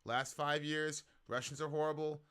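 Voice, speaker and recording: A man hosting a political stream, ranting loosely in slang with sudden loud outbursts. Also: a little high, level tone, moderate pace, smooth. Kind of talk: casual political commentary.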